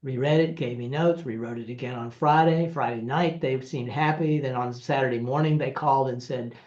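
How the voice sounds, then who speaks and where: A screenwriter recounting studio anecdotes, lively and acting out the people he quotes, laughing as he goes. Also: mid-range voice, fairly quick, few pauses. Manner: animated, acts out quoted voices, laughs through stories. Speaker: screenwriter guest. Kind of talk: anecdotal storytelling. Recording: roomy, dull lo-fi sound.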